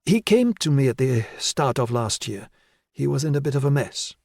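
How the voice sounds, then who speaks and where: A man's voice: medium pitch, sing-song, normal speed, darkish tone, no echo, studio quality, voice pushed up. A man voicing a nervous woman psychiatrist in her late forties in an audiobook, speaking hesitantly and carefully.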